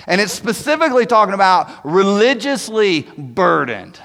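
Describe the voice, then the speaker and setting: High-voiced pastor preaching in a reverberant hall. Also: male voice, normal speed, vocal fry. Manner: conversational, animated, frequent "right?" asides. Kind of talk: sermon. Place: church sanctuary.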